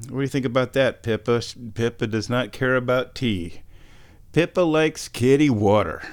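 Slow, rambling man chatting casually. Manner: meandering, self-correcting, talks to his cat in a high baby voice. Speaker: streamer.

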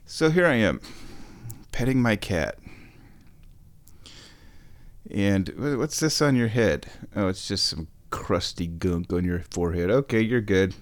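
A man chatting casually on his stream, meandering and correcting himself, and sometimes talking to his cat in a high baby voice. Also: lively intonation, moderate pace. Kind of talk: casual rambling chat.

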